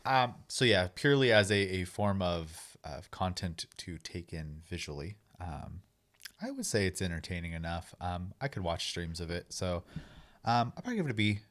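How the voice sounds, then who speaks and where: Low-voiced man, measured podcast talk. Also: big pitch swings, fairly bright tone. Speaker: podcast co-host. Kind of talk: casual chat.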